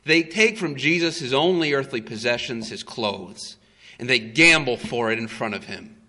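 A man preaching a sermon, telling the story slowly and with emphasis, with frequent "uh" fillers. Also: mid-range voice, pushed and bright. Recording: long hall reverb.

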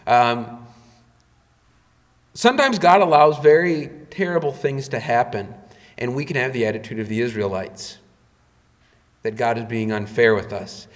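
Male pastor, mid-pitch, emphatic sermon delivery, echoing sanctuary. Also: animated, a little slow, pauses often. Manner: emphatic preaching with sudden rises in pitch and volume.

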